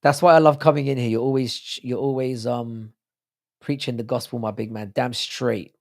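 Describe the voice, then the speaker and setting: A British man hosts a livestream, bantering crudely and joking with his viewers. His voice is hoarse from a sore throat and has a gravelly rasp. It sits at an ordinary middle pitch. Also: fairly even intonation, normal speed, darkish tone. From United Kingdom. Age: adult with a child. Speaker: livestream host. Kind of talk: casual livestream chat reading out viewer comments.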